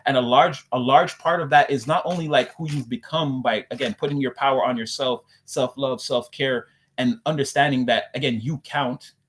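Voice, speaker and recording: A man's voice: mid-range voice, moderate pace, few pauses, fairly bright tone, slight background noise. A man delivering a loose, rambling spiritual message to his viewers, repeating "again" and circling back on his points. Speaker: spiritual reader.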